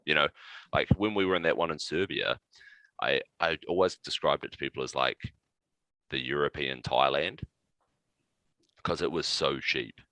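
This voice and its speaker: Deep-voiced New man telling stories. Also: normal speed, long pauses, dry recording, poor audio. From New Zealand. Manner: animated anecdote-telling with profanity and laughs. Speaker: podcast guest. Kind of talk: casual storytelling.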